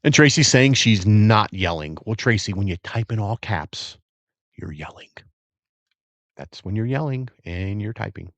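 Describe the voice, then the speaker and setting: A man with a very low voice chats casually on a live stream, rambling and savoring each sip as he talks. His sound is dry and close, with no room around it. He is middle-aged and from the Virginia area. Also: a little slow, no room sound. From Virginia area, USA. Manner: relaxed, rambling, savoring and reacting to sips. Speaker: bourbon livestream host.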